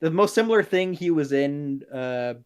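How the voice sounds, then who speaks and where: A man's voice: a little high, expressive, normal speed, clear, resonant tone. A man guesting on a casual movie podcast, earnest and thinking aloud, restarting his sentences and hedging as he goes.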